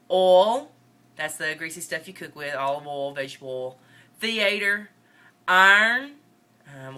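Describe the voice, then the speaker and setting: A woman's voice: sits low, sharp tone. A young woman with a Northern Mississippi accent, chatting casually and rambling through an accent challenge vlog. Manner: rambling, chatty, says y'all. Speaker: vlogger.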